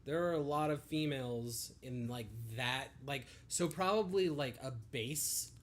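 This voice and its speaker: A man's voice: fairly high pitch, unhurried. A young man co-hosting a podcast, chatting casually and swearing freely, often laughing. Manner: relaxed, profane, laughs often. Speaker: podcast co-host. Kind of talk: casual chat.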